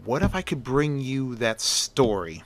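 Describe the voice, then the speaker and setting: A man's voice: medium pitch, very animated, unhurried. A man voicing an earnest young male reporter who speaks politely and eagerly.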